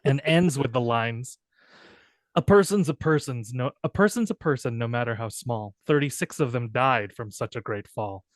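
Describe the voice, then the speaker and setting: A male podcast co-host with a mid-pitched voice, telling jokes in a playful and casual way. He tosses in quick asides. The recording is dry and close. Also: dry recording. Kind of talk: casual comedic chat.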